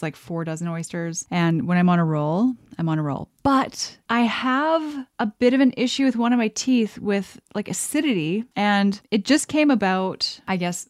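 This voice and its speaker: A woman's voice: fairly low pitch, a little mellow, no echo, studio quality. A woman hosting a podcast, chatting casually in a bubbly, giggly, rambling way. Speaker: podcast host. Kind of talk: casual chat.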